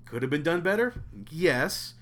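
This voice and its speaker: Animated man with a lively, high voice. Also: measured pace. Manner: animated, stumbling restarts. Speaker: podcast co-host. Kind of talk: casual film discussion.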